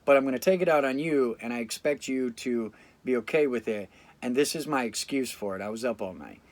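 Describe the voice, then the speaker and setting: A tired man talks straight into the camera, blunt and reflective, swearing freely as he thinks aloud. His voice sits at an everyday middle pitch. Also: fairly quick, darkish tone, no echo. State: fatigued after a sleep deprivation study. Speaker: vlogger. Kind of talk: casual talk to camera.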